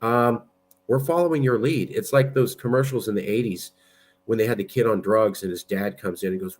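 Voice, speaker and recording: A man's voice: medium pitch, a little fast, darkish tone. A man giving blunt, argumentative political commentary while sharing his screen. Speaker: political movement president.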